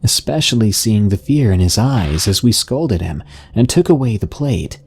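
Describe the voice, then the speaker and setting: A man narrating a scary story in a slow, even, scripted storytelling delivery. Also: fairly low pitch, vocal fry, slightly rough.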